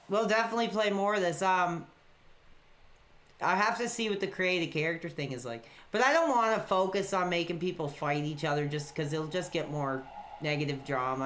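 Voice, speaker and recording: A man streaming a wrestling video game late at night, rambling and shouting excitedly at the action. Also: high-pitched, moderate pace, poor audio. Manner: excitable, loud outbursts, rambling. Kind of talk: excited gameplay commentary.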